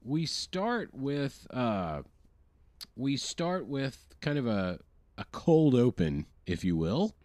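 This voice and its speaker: Rambling middle-aged podcast host. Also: male voice, medium pitch, sing-song, slow pace, darkish tone, dry recording. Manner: rambling, hesitant with fillers. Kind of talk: casual movie recap chat.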